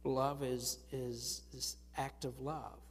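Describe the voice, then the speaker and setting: A man preaching a sermon to his church, earnest and telling stories with lively rises. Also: medium pitch, takes it slowly, slightly rough. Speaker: pastor. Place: church sanctuary. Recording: long reverb of a church hall.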